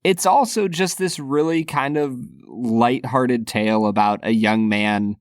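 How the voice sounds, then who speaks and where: A man co-hosts a relaxed film podcast, earnest and thoughtful, with a laugh never far away. His pitch sits in the middle range. The sound is dry and close, with no room around it. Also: measured pace, no echo. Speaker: podcast co-host. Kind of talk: casual film discussion.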